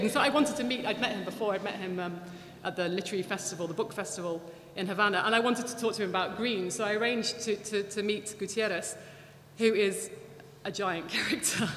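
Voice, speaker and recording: Female guest speaker, lively storyteller, echoey hall sound. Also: medium pitch. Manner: chatty, animated, many restarts and fillers. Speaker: guest speaker at a public talk. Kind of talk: anecdotal lecture with audience Q&A. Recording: echoey hall, faint background noise.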